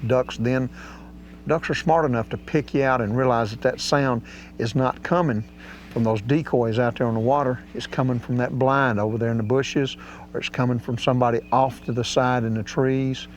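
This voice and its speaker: A man's voice: medium pitch, fairly even intonation, normal speed. A man teaching duck calling in a folksy, drawling way. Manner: folksy and drawling, with casual grammar. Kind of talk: outdoor hunting instruction. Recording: slightly dull audio with faint hum.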